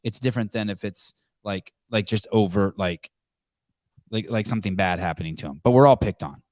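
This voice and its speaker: A man's voice: fairly low pitch, fairly quick, a little mellow, dry recording. A man hosting a call-in podcast, talking casually with many restarts and repeated words. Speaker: podcast host.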